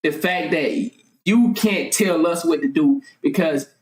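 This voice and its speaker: A woman vlogger delivering a fervent monologue full of rhetorical questions, at times yelling and swearing freely. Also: low-pitched, unhurried. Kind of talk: impassioned monologue. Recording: roomy echo.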